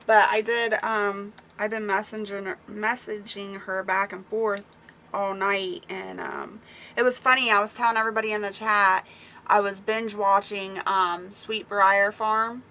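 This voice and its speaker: A woman hosting a casual farm livestream, talking excitedly and reading viewer comments aloud. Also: medium pitch, measured pace. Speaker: small-farm livestream host.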